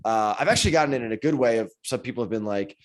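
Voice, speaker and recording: A man co-hosting a casual podcast chat, quick and jokey, laughing easily. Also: mid-range voice, a little hiss or hum. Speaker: podcast co-host.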